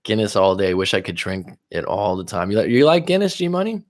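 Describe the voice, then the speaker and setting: A Californian man runs a casual live stream as a relationship coach, reading viewer comments aloud and answering them. His voice is on the low side, very animated and brisk, and his replies are loose and rambling, with fillers and restarts.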